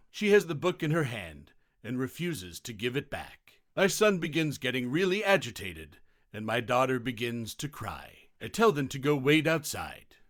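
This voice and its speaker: A man narrating online customer-service stories in a steady, scripted reading style. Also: medium pitch, no echo, studio quality.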